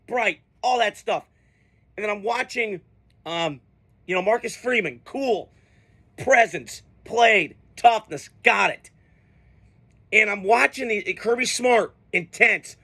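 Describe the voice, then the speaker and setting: Male sports vlogger, high and bright tone, blunt and profane, fan-rant energy. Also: a little slow. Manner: blunt, swearing, worked-up.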